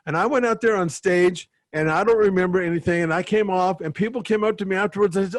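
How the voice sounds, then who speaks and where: A man hosting a podcast, telling stage stories in a relaxed chatty way and acting out what others said. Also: sits high, fast, hardly any pauses. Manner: storytelling, animated when quoting others. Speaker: podcast host. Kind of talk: casual interview chat.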